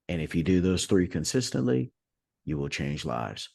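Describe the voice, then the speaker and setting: Deep-voiced emphatic man, dry sound. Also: big pitch swings, normal speed, creaky, a little mellow, no echo. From Texas. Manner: emphatic, repeats key phrases. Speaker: guest speaker. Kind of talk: casual interview.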